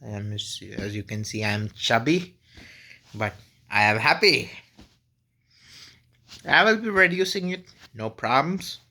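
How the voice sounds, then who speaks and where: A man's voice: medium pitch, unhurried, pauses often, bright, forceful tone. A man talking casually and unscripted to camera for his vlog, easygoing and rambling with frequent restarts. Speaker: vlogger. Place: at home.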